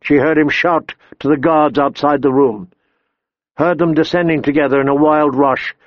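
A man narrating an audiobook in a measured, expressive storytelling voice. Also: a little high, no echo. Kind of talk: scripted narration. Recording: dull dry recording.

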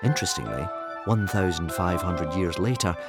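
A man narrating a children's storybook with a dry, lively comic delivery. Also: low-pitched, normal speed. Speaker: audiobook narrator. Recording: dry close studio read with faint music.

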